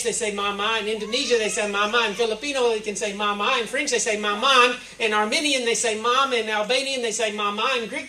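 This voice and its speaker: A woman preacher gives a conversational, reflective sermon, going through examples one by one in a church hall. Her voice is high-ish, bright and forceful, caught by a distant mic with roomy echo, faint ambience and slight background noise.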